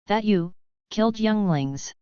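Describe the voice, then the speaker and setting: A woman's voice: medium pitch, animated, measured pace, dark tone, clean tone, dry recording, muffled recording, natural voice. A woman voicing a heartbroken young wife, pleading. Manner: pleading, tearful.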